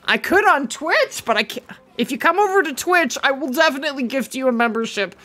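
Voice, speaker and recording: High, bright-voiced woman streamer. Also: a little fast, soft background music. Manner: chatty, thinks aloud, gushes with excitement. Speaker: live-streaming game host. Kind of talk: casual live gameplay commentary.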